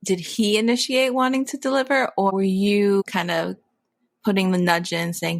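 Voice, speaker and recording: A woman's voice: medium pitch, fairly even intonation, moderate pace, creaky. Woman host asking curious questions. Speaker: podcast host. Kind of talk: interview questions.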